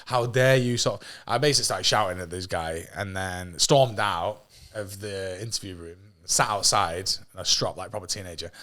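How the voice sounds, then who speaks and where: A man in his thirties from England, a podcast guest telling stories in a casual, animated way, swearing freely and laughing at his own jokes. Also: on the low side. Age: 30s. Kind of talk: casual storytelling.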